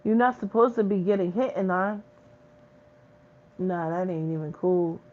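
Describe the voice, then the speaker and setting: With a lowish voice and a measured pace, this woman offers a spiritual message on her vlog. Her preaching is blunt, profane and full of street slang, and the recording has its highs cut off.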